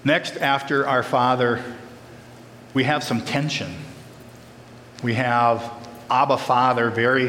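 A man's voice: medium pitch, a bit bright, slight background noise. A man preaching a sermon, talking earnestly and emphatically and speaking directly to the congregation. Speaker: pastor. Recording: echoey hall, faint ambience.

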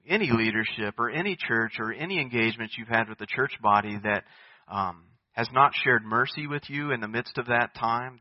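A man's voice: mid-range voice, no echo, highs cut off. A man preaching a sermon as a pastor, earnest and pleading, climbing to emphatic peaks.

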